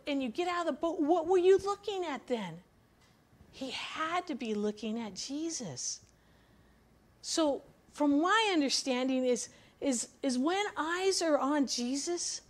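A woman delivers a weekly devotional sermon, walking through scripture in an earnest, emphatic manner. Her voice sits a touch higher than most women's. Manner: earnest, emphatic Bible teaching. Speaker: devotional speaker.

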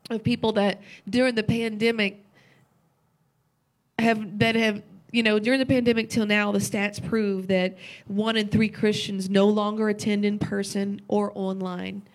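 A woman's voice: medium pitch, level tone, a little slow. A woman preaching a sermon with passion, repeating phrases and asking rhetorical questions, at times tearful.

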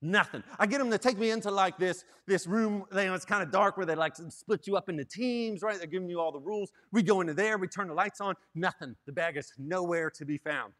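A young man, a student ministry director, telling a funny story in a sermon, animated and self-mocking, often tagging his lines with "right?". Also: sits high, a little fast, hardly any pauses.

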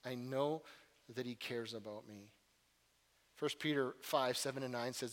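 A man's voice: medium pitch, moderate pace, fairly bright tone, big-room sound. A man preaching a sermon in an earnest way, often repeating words and telling stories with animation.

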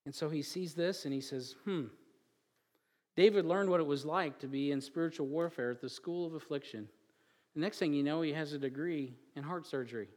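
A man preaching a sermon, moving from quiet joking asides with chuckles to loud, emphatic build-ups. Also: on the high side, fairly quick, in a large hall. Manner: chuckles and jokes between scripture readings. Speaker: pastor.

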